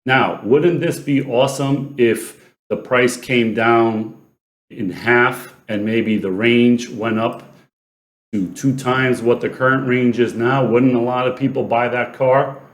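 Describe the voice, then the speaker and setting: A man's voice: medium pitch, fairly even intonation, slow pace, echoey room. A man explaining stock and car prices in a casual commentary style, chuckling often and asking rhetorical questions. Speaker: finance commentator.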